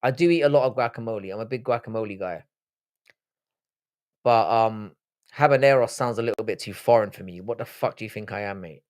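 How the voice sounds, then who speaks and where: On a casual live stream, a tired man in his thirties talks a little fast in a lowish, darkish voice. He's chatty despite being worn out, swears a lot, and rambles, frequently restarting what he's saying.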